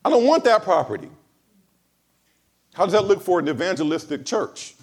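Animated preacher man with a high voice. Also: normal speed, husky. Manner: emphatic, swings between loud high stresses and low quiet asides. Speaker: pastor. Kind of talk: sermon.

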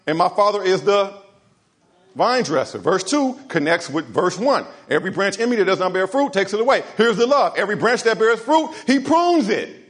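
Male pastor, fairly high voice, animated sermon delivery with quiet asides and raised exhortation. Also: normal speed. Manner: repeats words when building a point.

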